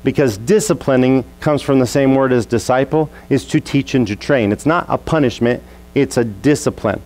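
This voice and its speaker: A man preaching a sermon as a pastor, telling a childhood story and acting out the family scenes in lively voices. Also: medium pitch, normal speed, rough recording.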